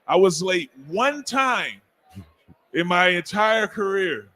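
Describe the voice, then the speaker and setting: A man's voice: sits high, expressive, slow, bright, forceful tone. A man co-hosting a sports talk show, chiming in often with agreement and laughter. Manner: affirming, many fillers, breaks into laughs. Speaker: podcast co-host, former football player. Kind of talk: casual sports chat.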